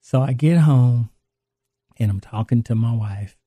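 A man tells his faith testimony in an earnest, confessional way. He speaks slowly, in a mellow voice with a gravelly edge. The sound is dry and close. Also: medium pitch, no room sound. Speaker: guest sharing a recovery testimony.

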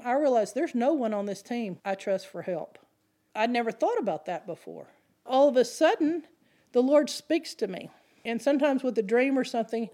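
Middle-aged lady preaching, tells her story animated, voice sits a bit high. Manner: animated personal storytelling with laughs. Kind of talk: sermon storytelling.

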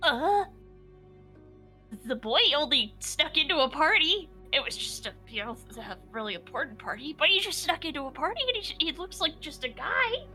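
A woman narrates her character at a tabletop game with excitable energy. Her voice is high and swoops widely, with a sharp, bright edge. Faint music plays underneath. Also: normal speed. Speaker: player. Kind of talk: tabletop role-play.

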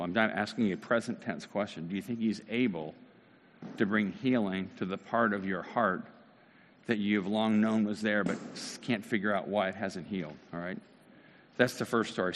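A man's voice: lowish voice, long reverb tail. A man preaching a sermon in an earnest, conversational way, now and then rising into emphatic bursts. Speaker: pastor.

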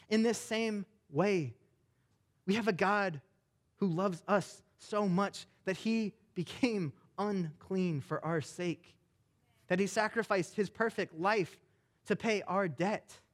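A young adult man, a pastor, preaching a sermon with animated, emphatic delivery. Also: high voice.

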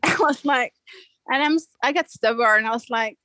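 A woman's voice: on the high side, moderate pace, no room sound, low-quality recording. A young woman from Belgium telling a surfing story in casual talk, laughing often and acting out what people said. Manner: animated, laughs often, acts out quotes. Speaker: guest surfer.

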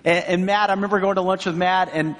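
A man's voice: sits high, fairly even intonation, fast, fairly bright tone. A middle-aged male pastor preaching a sermon in a church, telling stories in an earnest, encouraging way with lots of asides. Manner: storytelling, earnest and encouraging, many asides like "right?" and "you know". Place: church sanctuary. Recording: long hall reverb.

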